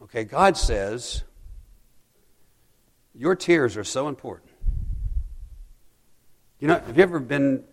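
A man preaching a sermon as a pastor, rising to loud pleading cries and dropping to hushed, soft passages. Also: mid-range voice, expressive, slow pace, long pauses, big-room sound.

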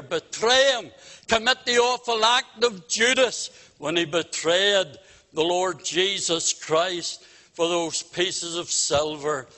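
A man's voice: sits high, pushed and bright. A man preaching a revival sermon, fervent and pleading, with repeated rhetorical questions. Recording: long hall reverb.

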